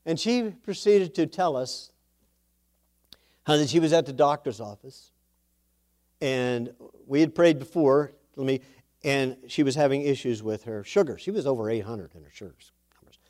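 A man preaching a sermon and telling a testimony, animated, with quoted dialogue and emphatic exclamations. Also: mid-range voice, moderate pace, long pauses.

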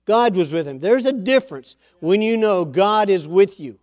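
High-voiced animated preacher man. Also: moderate pace, no echo, clean studio sound. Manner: animated storytelling preacher, acts out quotes. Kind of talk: sermon.

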